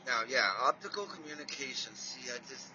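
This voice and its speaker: A man's voice: mid-range voice, lively intonation, fairly quick, bright, forceful tone, breathy edge, highs cut off. A man hosting a casual live podcast, rambling, restarting his sentences and apologizing as he goes. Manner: rambling, apologetic, talks to his dog mid-show. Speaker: podcast host. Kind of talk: casual live-stream chat.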